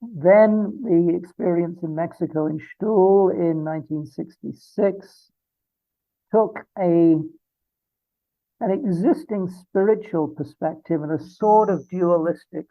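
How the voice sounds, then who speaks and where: This interview guest is a man from England in his seventies whose high voice moves slowly. He looks back at length, full of reflective digressions, and the line is dry and phone-like, with no room sound.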